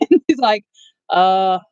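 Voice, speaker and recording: A woman's voice: mid-range voice, slow pace, dry recording, dull audio. A middle-aged woman chatting casually on a live stream, blunt and rambling, laughing often and saying she has no filter. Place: bedroom at home.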